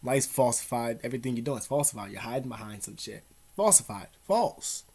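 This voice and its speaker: A man's voice: medium pitch, very animated, brisk, darkish tone, slightly rough. A young man giving blunt, profane advice to camera at home in casual street slang, calling the listener "dog" and "man". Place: at home, dogs nearby.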